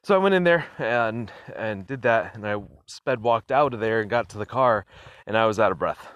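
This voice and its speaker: Speaking at normal speed in a lowish, animated, slightly bright voice, a man hosts his own podcast with no echo in the room. He chats casually, wanders off on tangents, and chuckles often with many fillers, recording it all on a phone.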